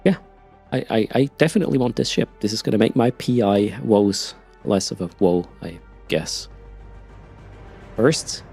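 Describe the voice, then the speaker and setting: A man's voice: on the low side, normal speed, vocal fry, darkish tone, breathy edge, soft background music. A man with a Swiss German accent chatting casually with his live-stream audience while playing, often repeating words as he starts a sentence. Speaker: game streamer.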